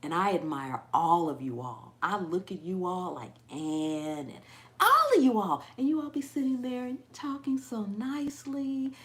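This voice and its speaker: Hyper, animated woman live-streaming. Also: medium pitch, unhurried. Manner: hyper, animated, laughs often, mimics others. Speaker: gardening channel host. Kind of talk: casual live-stream chat.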